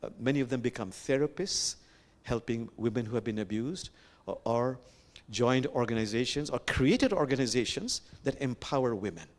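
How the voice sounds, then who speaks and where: A man preaching as an imam, gentle and reflective, who slows to stress each quoted verse and speaks straight to the congregation. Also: mid-range voice, lively intonation. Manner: reflective, quotes sacred verses slowly and with emphasis; gentle, addresses the congregation directly. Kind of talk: sermon. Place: sanctuary.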